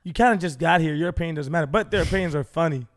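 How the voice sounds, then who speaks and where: A man's voice: fairly high pitch, rapid-fire, dry recording, studio quality. A man co-hosting a podcast in casual comedic chat, swearing freely and acting out the voices of the people in his stories. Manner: profane, acts out quoted voices. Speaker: podcast co-host.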